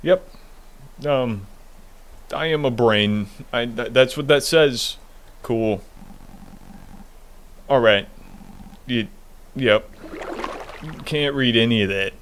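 A man's voice: medium pitch, slow, long pauses, a bit bright, slight background noise. A young man giving casual, jokey gameplay commentary, rambling and laughing often. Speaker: gaming video host.

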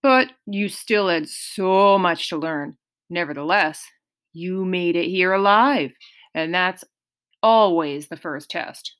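A woman narrating an audiobook in a measured storytelling manner. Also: on the low side, fairly bright tone.

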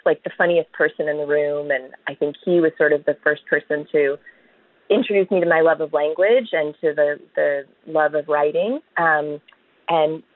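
Husky-voiced woman on a phone line. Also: low-pitched, dry recording. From Chicago. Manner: chatty, warm storytelling with frequent fillers. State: husky morning voice. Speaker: singer-songwriter guest. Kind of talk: casual interview chat.

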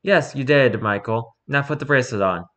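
A man's voice: mid-range voice, brisk, a bit bright, natural voice. A man voicing a stern, detached male researcher doctor who gives orders to prisoners.

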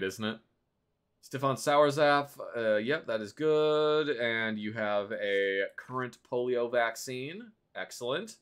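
A man's voice: medium pitch, fairly bright tone. A male streamer giving casual live commentary on a game. He jokes and teases in a mock-official tone. His voice rises and falls a lot. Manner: playful, teasing mock-official banter.

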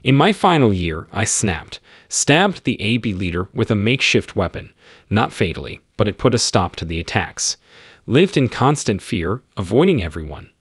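A man's voice: lowish voice, sing-song, moderate pace, husky, dry recording, clean studio sound. A man telling his own story as scripted first-person narration, in terse, clipped, matter-of-fact sentences.

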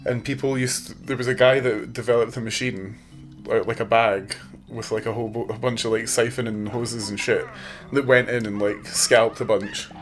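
A man's voice: mid-range voice, flat delivery, normal speed, soft background music. Jokey, swearing man gaming with a friend. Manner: jokey, swears freely, laughs at himself. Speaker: co-host playing a video game. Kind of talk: casual let's-play banter.

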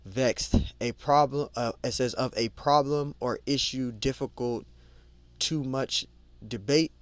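A man giving an informal Bible study who reads scripture slowly, then talks it over conversationally, repeating himself and calling his listeners "man.". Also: medium pitch, no room sound. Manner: conversational, repeats and restarts words, adds "man" and "you know"; reads scripture aloud slowly, then lists word meanings. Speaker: Bible teacher.

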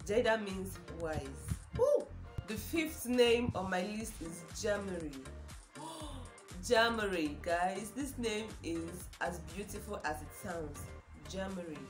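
A woman's voice: mid-range voice, lively intonation, unhurried. A young Nigerian woman with a Nigerian accent chatting casually to her viewers, gushing and enthusiastic, repeating words and exclaiming often. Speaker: vlogger. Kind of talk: casual chat to camera. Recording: echoey room with music behind.

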